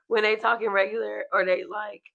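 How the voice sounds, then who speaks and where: Gravelly woman in her thirties, bright edgy voice, frank podcast chat, muffled lo-fi sound. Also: medium pitch. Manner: candid, emphatic, frank. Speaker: podcast co-host. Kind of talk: casual chat.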